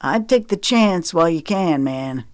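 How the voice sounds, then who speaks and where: An earnest, anxious older brother with an urgent, pleading delivery, as a woman narrator voices him. The voice stays low-pitched. The recording is dry and close. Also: lively intonation, measured pace, dry recording.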